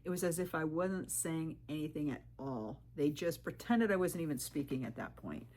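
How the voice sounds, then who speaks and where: A middle-aged woman vlogging about hiking, telling a story in an indignant, animated way and mimicking other people's lines. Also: sits low, moderate pace. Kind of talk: casual storytelling monologue.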